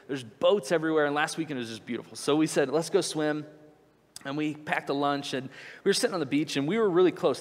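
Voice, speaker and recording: A man in his thirties preaching, telling a story animatedly and then dropping low to reflect. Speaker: pastor. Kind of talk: sermon with storytelling. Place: church hall. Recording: church hall with long reverb.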